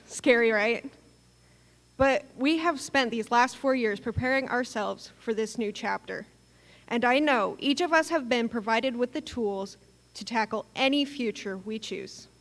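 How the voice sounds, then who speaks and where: Young valedictorian woman, echoing gym. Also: fairly high pitch. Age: young adult. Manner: friendly, lightly joking. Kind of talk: graduation speech. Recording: long echo of a large gym.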